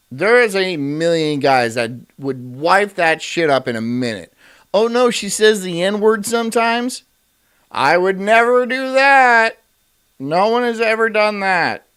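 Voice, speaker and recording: A man's voice: medium pitch, a bit bright. A man streaming, ranting and reacting to clips in a brash, profane way and laughing often. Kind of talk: casual livestream rant.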